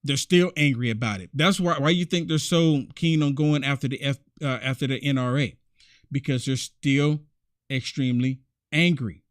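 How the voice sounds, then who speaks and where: A man's voice: mid-range voice, moderate pace, no echo, studio quality. A man hosting a commentary show, talking in a mocking, repetitive way. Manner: mocking, repetitive, many "I mean"s. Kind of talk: political commentary monologue.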